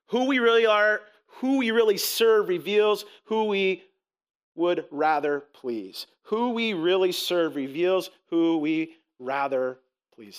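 A man's voice: high-pitched, clear, resonant tone. A man preaching a sermon as a pastor, emphatic, asking rhetorical questions and repeating words as he restarts.

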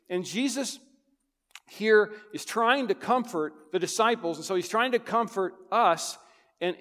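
A man preaching a sermon to his congregation, his voice sitting a little high for a man. He swings between loud urgent lines and hushed ones. A long reverb hangs on every phrase, as in a church hall. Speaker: pastor.

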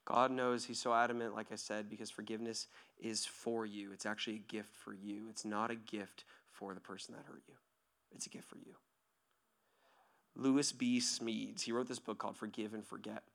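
A male pastor preaching in a lively, conversational way, often checking in with "right?" and swinging from near-shouts to hushed whispers. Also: on the low side, a little fast, vocal fry, few pauses. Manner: animated, conversational, asks "right?" constantly. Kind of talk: sermon.

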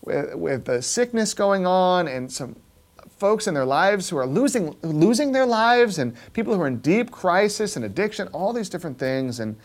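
A pastor giving a conversational sermon, often checking in with his listeners and dropping quiet and slow on key points. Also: high voice, sing-song. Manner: keeps asking "right?" to the listeners; drops soft and slow on key points, rises sharply when stirred.

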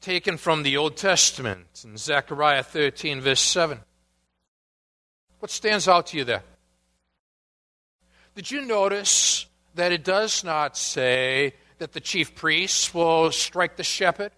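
A pastor with a fairly high voice preaches a sermon, reading scripture quotes aloud. He moves between emphatic rises and quiet asides.

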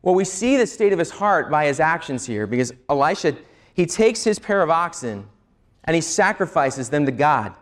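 High-voiced male pastor preaching earnestly. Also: very animated, normal speed. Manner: earnest teaching with rhetorical questions. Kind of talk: sermon.

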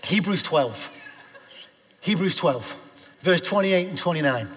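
A man preaching a sermon as pastor, swinging between loud emphatic declarations and hushed, earnest pleas. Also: on the high side, expressive, measured pace, breathy edge. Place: church sanctuary. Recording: long hall reverb with faint music.

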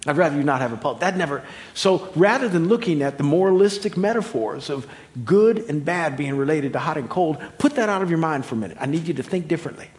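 A middle-aged man preaching a sermon, animated and humorous, swinging from loud high exclamations to quiet, low emphasis. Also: fairly quick, few pauses. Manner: humorous, laughing at own stories. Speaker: pastor.

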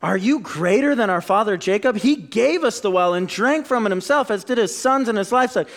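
A man's voice: high voice, expressive, a little fast, a bit bright, voice pushed up. A man voicing an incredulous Samaritan woman at a well, questioning in a rising, exasperated way.

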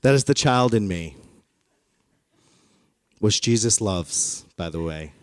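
A man's voice: on the low side, lively intonation, slow pace, dry recording. A man preaching a sermon in a playful, joking storytelling way, acting out the quotes he reads. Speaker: pastor.

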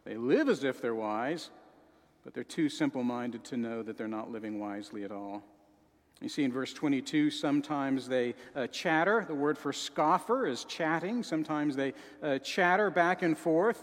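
A man preaching a sermon in a bright, high voice. He swings from hushed, sorrowful lines to loud shouting, and his voice rings out with the long reverb of a large hall. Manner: dramatic, shifts between soft sorrowful and shouting.

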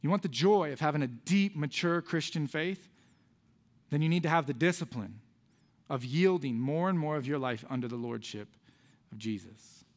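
A man, a pastor preaching a sermon in a church and telling a personal story in an earnest, conversational way that drops to soft, quiet lines. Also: a little high, lively intonation, moderate pace. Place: church sanctuary.

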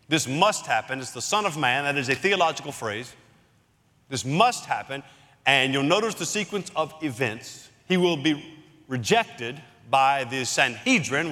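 Guy pastor preaching in a church, bright kinda forceful voice, long hall echo. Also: medium pitch. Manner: expository Bible teaching, emphatic dramatic pauses. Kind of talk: sermon. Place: church sanctuary.

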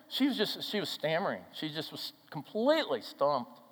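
A male pastor preaching a sermon and telling a story, swinging from loud declarations down to soft, hushed lines. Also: fairly high pitch, very animated, moderate pace. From Minnesota, USA. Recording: hall reverb.

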